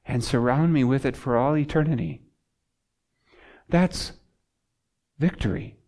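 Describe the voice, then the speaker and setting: Pastor, sermon, middle pitch, dramatic swings from loud to hushed, rhetorical first-person preaching. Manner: rhetorical, speaks in the first person as a struggling sinner.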